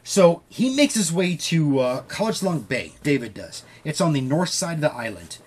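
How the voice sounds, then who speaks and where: A man's voice: on the high side, sing-song, moderate pace, a little mellow, husky. A man hosting a podcast, casually retelling a story with loose quoted dialogue and frequent swearing. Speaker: podcast host.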